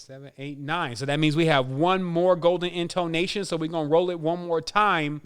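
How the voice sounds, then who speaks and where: A man's voice: a little high, a bit bright, smooth. A man hosting a podcast, casually announcing giveaway winners and counting prizes aloud in an upbeat way. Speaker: podcast host.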